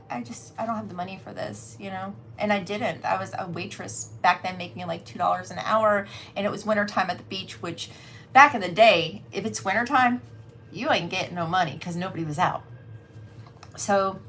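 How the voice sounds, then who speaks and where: A woman's voice: medium pitch, fairly bright tone, a little hiss or hum. A middle-aged woman tarot reader telling a story on a casual livestream. She is chatty, laughs often, and talks straight to her viewers.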